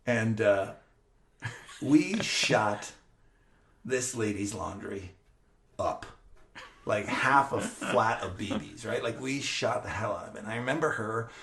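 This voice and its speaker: A former teacher and coach in his fifties tells a casual story on a podcast, animated and laughing as he acts out scenes. His voice is on the low side, slow, and reverberant, with long pauses.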